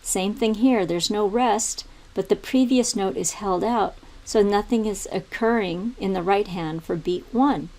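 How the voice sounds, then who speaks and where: A woman walks through a music theory lesson in a calm, step-by-step way. Her voice sits at an ordinary middle pitch, and she breaks into short sung rhythms to make a point. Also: a little slow, few pauses. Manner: calm, step-by-step explaining, sings rhythms aloud. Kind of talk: recorded video tutorial.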